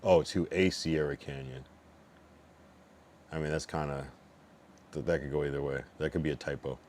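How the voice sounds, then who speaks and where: A man's voice: extremely low pitch, fairly even intonation, normal speed, a little mellow, slight background noise. A man in his late thirties, a livestreamer rambling in casual chat, swearing and answering his chat.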